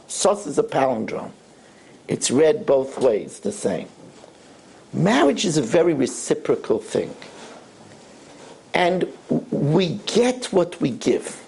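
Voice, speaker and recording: A man, a rabbi, giving a sermon and telling a story in an animated, wry way. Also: sits high, vocal fry, husky.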